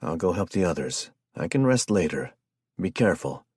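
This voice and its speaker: Un hombre que interpreta a un superviviente burlón y tranquilo. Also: male voice, sits low, very animated, normal speed, a little mellow, slightly rough, no room sound, studio quality, exaggerated voice. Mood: teasing. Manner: teasing. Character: teasing male survivor, easygoing.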